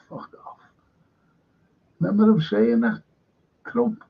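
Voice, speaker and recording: A man hosts a live-stream current-affairs show, ranting and swearing between shout-outs to viewers in the chat. His voice sits a little high and sounds husky and gravelly. The stream audio is dull and lo-fi. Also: unhurried.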